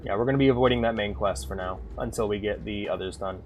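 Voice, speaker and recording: A man streaming a game, rambling and swearing freely as he thinks out loud between moves. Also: lowish voice, fast, a little hiss or hum. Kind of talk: casual gameplay commentary.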